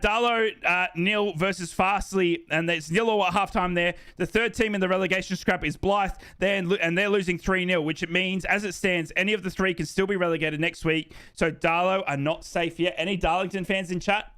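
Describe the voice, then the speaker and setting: A man's voice: high voice, fairly even intonation, brisk, hardly any pauses, sharp tone, clear, resonant tone. An Australian man hosting a live football watchalong, chatting casually and reading out fan comments. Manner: chatty, jokey, repeats himself, says "mate".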